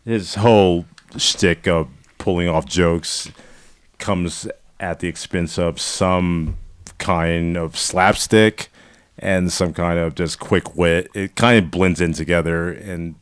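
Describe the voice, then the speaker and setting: A very deep-voiced man talking about a film in a casual chat. He sounds measured and analytical, and the recording is dry and close. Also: fairly even intonation, smooth, no room sound.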